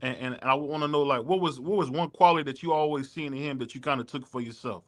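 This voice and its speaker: A laid-back man hosts a boxing podcast in casual chat, with loose shout-outs to listeners. His voice sits at an ordinary middle pitch. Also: quick pace. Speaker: podcast host.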